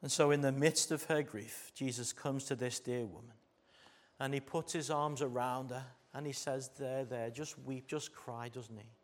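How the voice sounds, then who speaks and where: Delivering a sermon at a moderate pace, this English-accented pastor has a mid-range, steady voice. Loud, forceful moments give way to quiet, intimate ones, and he frequently asks his congregation rhetorical questions.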